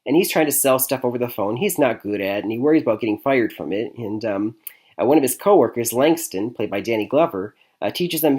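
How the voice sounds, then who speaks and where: A man's voice: mid-range voice, expressive, a little fast, darkish tone, husky. A young man from Michigan giving a casual spoken movie review, rambling with many fillers and restarts and chuckling often. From Michigan, USA.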